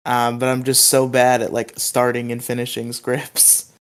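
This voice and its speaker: A man's voice: medium pitch, monotone, normal speed, smooth. A man co-hosting a casual podcast chat, stammering through restarts and laughing often. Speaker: podcast co-host.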